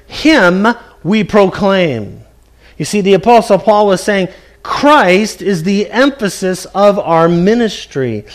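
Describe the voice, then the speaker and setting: Male pastor, high voice, slow and deliberate, earnest preaching with rhetorical questions. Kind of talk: sermon.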